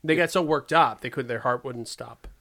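A man co-hosting a casual comedy news chat, dropping dry, deadpan quips. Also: mid-range voice, moderate pace, creaky. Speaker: podcast co-host.

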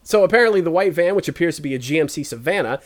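A man's voice: on the high side, lively intonation. A man co-hosting a casual podcast, reading odd news and joking, laughing often and acting out people. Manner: amused, laughs often, acts out people in quick bits. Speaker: podcast co-host.

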